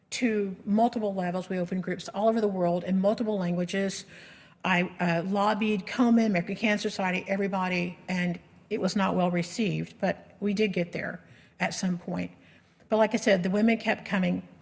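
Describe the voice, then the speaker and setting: A middle-aged woman telling her story as a patient advocate in an earnest, emotional way, with frequent restarts. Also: mid-range voice. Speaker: patient advocate giving a presentation. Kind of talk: personal storytelling presentation. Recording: long reverb of a lecture hall.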